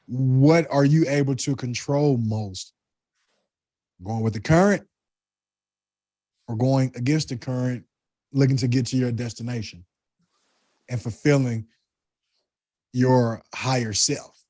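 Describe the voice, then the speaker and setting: A man with a Southern US accent talking in a deliberate, reflective way, with spiritual musings in casual conversation. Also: mid-range voice, dark tone, no room sound.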